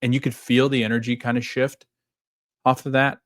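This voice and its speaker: A man's voice: mid-range voice, normal speed, dry recording, clean studio sound. Chatty man breaking down a basketball game. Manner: animated fan, rambling with restarts. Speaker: podcast host. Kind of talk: casual sports talk.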